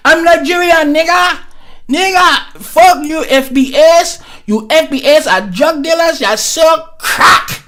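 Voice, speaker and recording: Mocking shouter, high and strained , done by a man as a put-on. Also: takes it slowly, a little hiss or hum, exaggerated voice. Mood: mocking, shouting.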